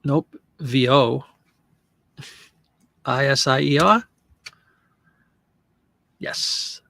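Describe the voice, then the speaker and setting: A man's voice: medium pitch, extremely slow, vocal fry, bright, forceful tone, no room sound. A man casually talking through an online listing session, joking and fumbling over French pronunciation. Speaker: online reseller listing print ads.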